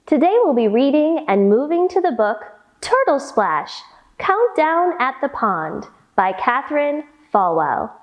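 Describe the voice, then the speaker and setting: A young woman leading a children's yoga storytime, cheerful and encouraging, with playful animal sounds. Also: high-pitched. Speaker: kids yoga instructor.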